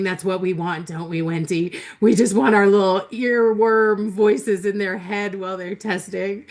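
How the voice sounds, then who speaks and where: A woman's voice: medium pitch, steady tone, measured pace, hardly any pauses, a little mellow. A woman hosting a live math webinar over a computer mic. She talks in a chatty, enthusiastic way, with lots of fillers and laughs as she reads the chat aloud.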